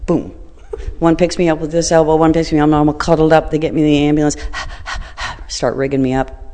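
A middle-aged woman telling a personal story in a blunt, colloquial, animated way. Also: low-pitched, brisk, in a large hall.

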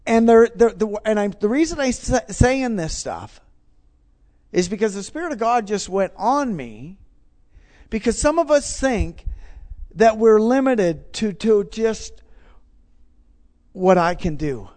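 A middle-aged man with a rather high voice preaches in an emphatic, storytelling way. He drives his points home by repeating himself. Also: lively intonation, takes it slowly, long pauses, a little mellow. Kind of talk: sermon testimony.

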